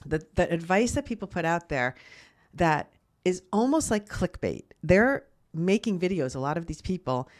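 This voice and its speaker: A woman's voice: on the low side, very animated, moderate pace. A middle-aged woman hosting a casual solo podcast, telling a rambling story and often restarting and correcting herself. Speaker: podcast host.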